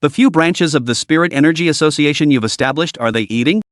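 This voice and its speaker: Guy doing a huge crimson giant, gruff and short-tempered, kinda high voice. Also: quick pace, dry recording, clean studio sound, close to an everyday voice. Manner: gruff, impatient. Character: giant brutish crimson-armored male bishop, short-tempered.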